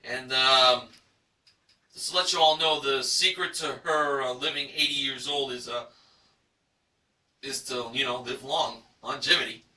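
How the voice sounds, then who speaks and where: A man's voice: medium pitch, fairly even intonation, a little slow, long pauses, pushed and bright, roomy sound, recorded from a distance, low-quality recording. A man recapping a game show episode in enthusiastic narration, stretching out dramatic price reveals.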